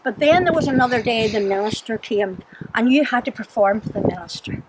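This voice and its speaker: Older Northern Irish woman, high voice, chatty storyteller, noisy recording. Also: animated, a little fast. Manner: chatty storyteller, laughs often. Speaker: storyteller to children. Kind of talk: recounting childhood memories. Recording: noisy background.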